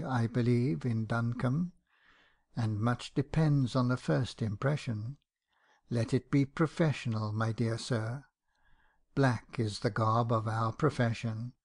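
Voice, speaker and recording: A man voicing a fussy, prim older country surgeon in an audiobook, speaking formally and courteously while gently lecturing. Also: mid-range voice, vocal fry. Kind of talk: audiobook character voice.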